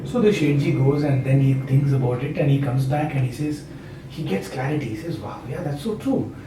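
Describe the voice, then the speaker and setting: A man from Maharashtra, India, a university teacher who gives satsangs, delivers an informal spiritual talk at a fairly quick clip in a medium-pitched voice. He keeps it conversational, often asking "right?" and chuckling. The echoey room, distant mic and faint hum are audible.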